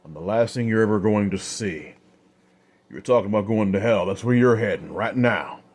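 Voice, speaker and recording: A chillingly calm, quiet gunslinger , as a man puts him on for a told Western story. He speaks low and steady, never raising his voice. The menace lives in how relaxed he sounds. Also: a little fast, lightly acted. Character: cold, calm gunslinger with hollow eyes.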